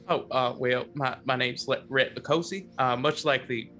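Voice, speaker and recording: A man with a Southern accent playing an earnest, stammering fish-merchant heir in a tabletop role-play game, with soft music behind. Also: medium pitch, steady tone, normal speed. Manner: hesitant, stammering, polite. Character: earnest young male fish-merchant heir from a wealthy family. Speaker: player, new to the group.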